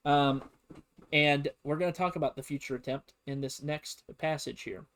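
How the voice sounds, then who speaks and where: A man's voice: on the high side, fairly even intonation, moderate pace, fairly bright tone. A man casually teaching history on a stream, rambling and joking with lots of fillers. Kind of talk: casual comedic history lesson.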